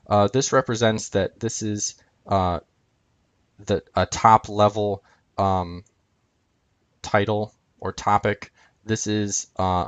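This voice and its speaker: Hesitant low-voiced man explaining a chart. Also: dry recording. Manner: hesitant, many filler sounds. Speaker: video presenter.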